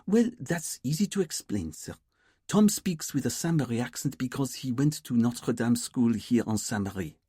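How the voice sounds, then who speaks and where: A man voicing a sharp, quick female detective sergeant who briefs her boss from her notes. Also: mid-range voice, lively intonation, husky, no room sound, studio quality. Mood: briefing.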